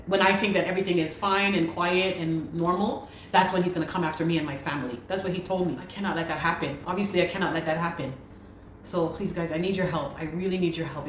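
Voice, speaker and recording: A woman giving an earnest, urgent personal account and often repeating her pleas. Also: lowish voice. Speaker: guest telling her story. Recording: roomy recording with faint background noise.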